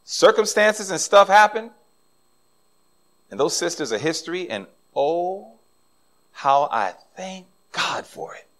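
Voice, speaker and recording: Animated middle-aged man preaching a sermon. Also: high voice, slow pace, pauses often. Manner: animated, acts out quoted voices. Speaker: pastor.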